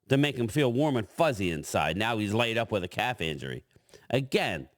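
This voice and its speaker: A man giving opinionated sports commentary, arguing his points in an animated way and addressing a panel directly. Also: mid-range voice, no room sound, studio quality.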